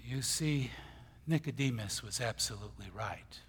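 A man preaching a sermon, swinging between loud, emphatic bursts and hushed near-whispers. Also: mid-range voice, moderate pace, long reverb tail, a little hiss or hum.

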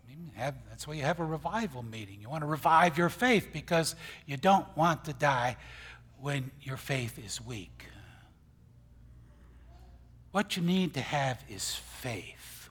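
Male preacher, slightly high voice, dramatic swings from loud to hushed, recorded with long hall reverb. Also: animated, measured pace, slightly rough. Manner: swings from loud emphatic bursts to hushed near-whispers. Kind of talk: sermon.

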